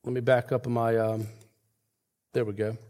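A man's voice: medium pitch, little pitch movement, normal speed, a little mellow. A man preaching a sermon, earnest, retelling scripture scenes with rising intensity and frequent restarts.

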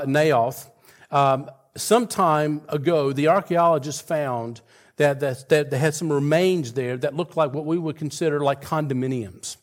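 A man preaching a sermon, earnest, retelling scripture scenes with rising intensity and frequent restarts. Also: on the high side.

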